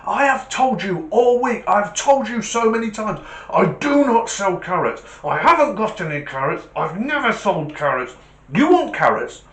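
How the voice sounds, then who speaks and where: Man playing an angry butcher, raised and loud, scolding, echoey shed. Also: high voice, very animated, normal speed, pitched above the performer's own voice. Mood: exasperated. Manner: shouting, fed-up scolding. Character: exasperated grumpy male butcher. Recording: roomy shed echo.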